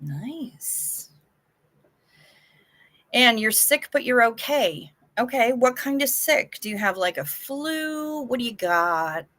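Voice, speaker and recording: A woman's voice: sits high, expressive, slow, a bit bright. A woman hosting a casual live stream, chatting frankly with viewers and swearing now and then, sounding anxious.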